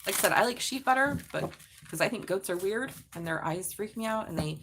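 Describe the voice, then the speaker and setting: A woman in her forties giving a live-streamed tarot reading, talking excitably, swearing freely and often breaking into laughter. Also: mid-range voice, fairly quick, a little hiss or hum. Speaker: tarot reader.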